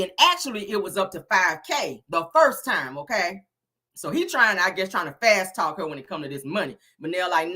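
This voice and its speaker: A woman recapping a reality show episode in a sassy, animated, slang-filled way. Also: medium pitch. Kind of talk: casual chat.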